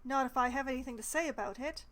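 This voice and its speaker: A woman's voice: high voice, fast talker, a bit bright. A woman streaming her playthrough of a game, reading dialogue options aloud with wry, exasperated asides. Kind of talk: casual gameplay commentary.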